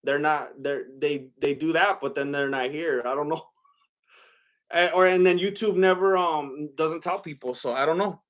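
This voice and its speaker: A young man chats loosely on a livestream, his voice sitting a little high for a man. He rambles and hesitates, trailing off into fillers and starting his sentences over. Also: normal speed, fairly bright tone. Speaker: livestream host reading chat. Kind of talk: casual livestream chat.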